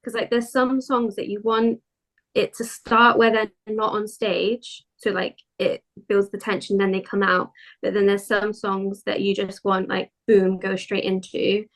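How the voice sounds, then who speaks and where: British woman, middle pitch, relaxed, explains at length, casual podcast chat. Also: measured pace. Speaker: podcast guest.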